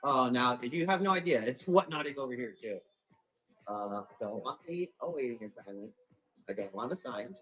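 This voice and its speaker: A man hosting a live plant auction stream, chatting casually and calling quick countdowns, with a casual swear here and there. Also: mid-range voice, animated, sharp tone, soft background music, rough recording. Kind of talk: livestream sales chat.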